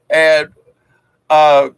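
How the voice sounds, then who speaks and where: Slow-talking folksy man. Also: on the high side, gravelly, clear, resonant tone, no room sound, rough recording. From South Georgia, US. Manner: folksy and chuckling, with frequent fillers. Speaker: live-stream host. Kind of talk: casual joke-telling chat.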